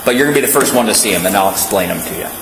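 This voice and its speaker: A male police officer calmly giving a detainee step-by-step instructions. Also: fairly low pitch, racing, music in the background. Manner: calm, reassuring, step-by-step. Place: police station room. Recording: echoey room with loud background hum.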